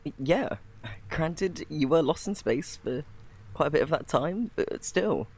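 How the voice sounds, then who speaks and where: A man's voice: on the high side, expressive, a little slow, darkish tone, breathy edge, heavily acted. A man with a British accent voicing an eager, chatty male friend and fellow dad in a whispered role-play. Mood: excited.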